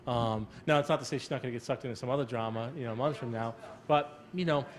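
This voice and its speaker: A man's voice: mid-range voice, quick pace. A middle-aged man, a school counselor, talking casually on a panel, rambling and repeating words as he reassures parents.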